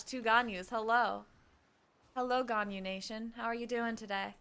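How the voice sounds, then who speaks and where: A woman's voice: on the high side, steady tone, moderate pace, fairly bright tone, clear, resonant tone. A woman streaming a game, chatting casually with her viewers and talking to herself as she plays. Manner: hums tunes and quotes game lines. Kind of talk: casual gameplay chat.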